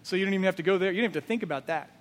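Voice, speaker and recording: A man's voice: high voice, racing, in a large hall. A man preaching a sermon as pastor, emphatic and full of rhetorical questions.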